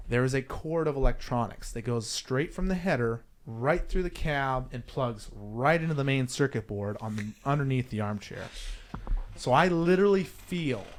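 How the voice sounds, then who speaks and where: A young man speaks as a podcast guest in a mid-range voice that is neither high nor low. He tells his story casually and with energy. He rambles, backs up and corrects himself partway through sentences. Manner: animated, rambling, with restarts and self-corrections.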